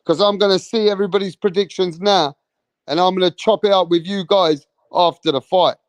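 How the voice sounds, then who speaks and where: A rowdy young man hosts a loose live chat, reading out comments and cursing freely. His voice sits high for a man and sounds close and dry, with no room around it. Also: steady tone, brisk, no echo. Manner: rowdy, swears a lot, reads out chat. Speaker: livestream host.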